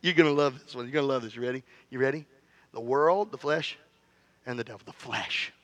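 A man's voice: medium pitch, fast, fairly bright tone. A middle-aged male pastor preaching a fervent sermon with call-and-response, telling stories and joking with the congregation.

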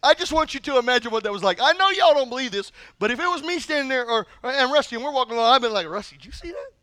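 Animated, high-voiced male pastor. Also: rapid-fire, no room sound, studio quality. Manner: animated, humorous storytelling. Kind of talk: sermon.

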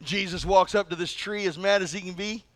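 A male pastor preaching a sermon in an animated, humorous storytelling manner. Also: high voice, brisk, dry recording.

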